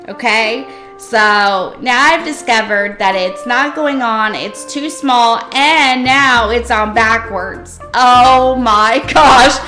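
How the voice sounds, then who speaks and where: A middle-aged woman streaming a game, telling a funny story in a casual, animated way and often laughing. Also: on the high side. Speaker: live streamer. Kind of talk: casual storytelling while gaming.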